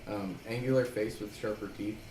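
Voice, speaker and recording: A man's voice: fairly low pitch, fairly even intonation, normal speed, a little mellow. A man player describing his character casually, rambling with many fillers. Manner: rambling, many likes and ums. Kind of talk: casual tabletop chat. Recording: echoey room with background noise.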